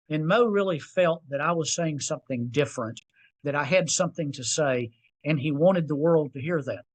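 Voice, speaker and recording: A man from North Carolina, a songwriter guest on a podcast, telling his story in an unhurried, reflective way with small repeats as he remembers. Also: fairly high pitch, low-quality recording. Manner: reflective, unhurried, repeats words while recalling. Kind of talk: storytelling interview.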